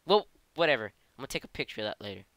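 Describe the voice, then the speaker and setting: A gameplay commentator, giggly and excitable, breaking into high yelps. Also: racing, no room sound.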